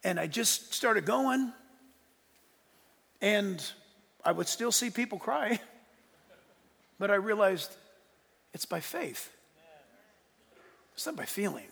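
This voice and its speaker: An older man in his sixties preaches in a rather high voice, telling his story earnestly. He drops to a hush and then rises to emphatic peaks. A long reverb from the hall trails behind every phrase. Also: very animated, takes it slowly, vocal fry, pauses often, slightly rough. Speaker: pastor. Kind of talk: sermon.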